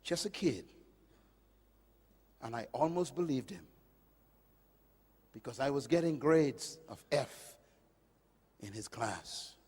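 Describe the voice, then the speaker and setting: A middle-aged man from the Caribbean preaching a sermon, emphatic, swinging between loud declarations and hushed, low passages. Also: animated, slow, long pauses, breathy edge. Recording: long hall reverb.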